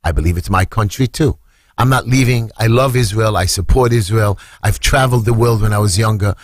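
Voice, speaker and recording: A middle-aged New man with a low, husky voice tells a family story with dramatic swings. His voice leaps high when he acts out the shouts in the story. The sound is dry and close, with no room echo. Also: a little fast. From Brooklyn, New York. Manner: dramatic retelling, voice leaping high when acting out screams. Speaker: council candidate. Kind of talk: emotional storytelling on radio.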